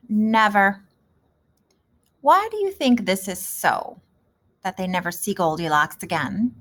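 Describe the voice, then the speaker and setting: A woman with a mid-pitched voice gently encourages a kindergarten class through a reading lesson. She poses questions to the children and then answers them herself.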